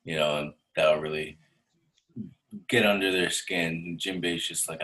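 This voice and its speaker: A man's voice: low-pitched, steady tone, unhurried, bright, forceful tone, low-quality recording. A man co-hosting a casual chat, talking hesitantly with many fillers and questions. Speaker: podcast co-host.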